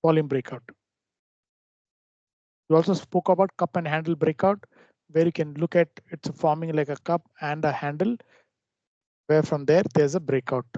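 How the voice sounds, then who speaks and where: A man with a fairly high voice walks through a trading lesson, stopping and restarting his sentences as he explains. The recording sounds dull and lo-fi, dry with no room around it. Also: steady tone, warm tone, no room sound. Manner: halting explanations with frequent restarts. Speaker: trading teacher. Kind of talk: screen-share trading lesson.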